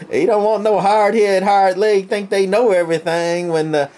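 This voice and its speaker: A man's voice: high-pitched, fairly even intonation, moderate pace, darkish tone. A man on a CB radio chatting casually and agreeably with a friend. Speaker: CB radio operator. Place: on the air by CB radio.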